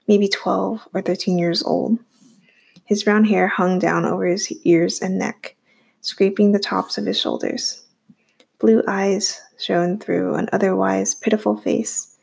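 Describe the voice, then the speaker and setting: A woman reading a novel aloud in a steady storytelling manner. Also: medium pitch, gravelly, breathy edge. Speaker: audiobook reader.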